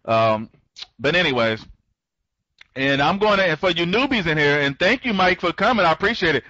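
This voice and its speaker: A man with a fairly high, bright voice runs an online training session and rambles from one thought to the next. He restarts his sentences constantly and greets listeners by name. The audio is dull and lo-fi. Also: normal speed, no room sound. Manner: speeds up when excited. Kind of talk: live online training talk.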